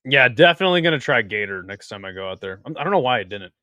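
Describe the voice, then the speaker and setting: A young man hosting a casual live-stream watch party, crude and excitable, joking with his chat. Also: medium pitch, fast talker, no room sound.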